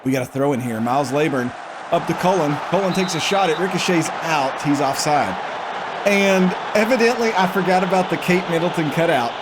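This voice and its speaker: There's background noise as a man with a fairly high voice talks a little fast. He casually commentates on a football management game he's streaming, reading the prompts aloud and reacting to them.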